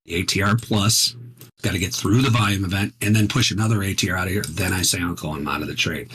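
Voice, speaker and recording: While trading futures live, a man teaches the craft in a casual, emphatic, conversational way, often checking in with "right?". His voice is low-pitched and fairly bright with a breathy edge, fast with fairly even intonation.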